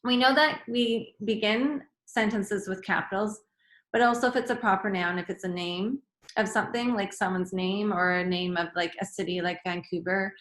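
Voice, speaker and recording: This clip captures a teacher giving young students a grammar lesson, her voice medium-pitched and her pace moderate. She dramatizes sentences with shifting tones, recorded in an echoing room.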